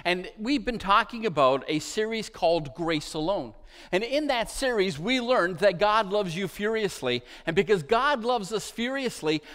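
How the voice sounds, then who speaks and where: A middle-aged man preaches in a church with a high, bright-pitched voice, and a long reverb hangs behind every phrase. He tells his stories warmly, then drops to a near whisper for the tender parts. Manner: storytelling, dropping to a hushed voice for tender moments. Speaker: pastor. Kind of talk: sermon.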